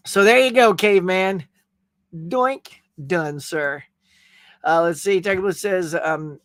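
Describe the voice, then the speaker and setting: A chatty, jokey male host talks straight to his viewers in a casual stream. His voice sits high for a man. The sound is close and dry, with no room around it. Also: a bit bright, dry recording. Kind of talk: casual live-stream chat.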